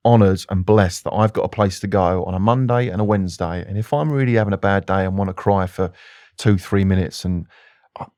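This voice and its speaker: Earnest British man, low voice. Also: a little fast, darkish tone, no room sound, studio quality. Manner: earnest and open. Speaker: podcast guest. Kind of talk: candid conversation.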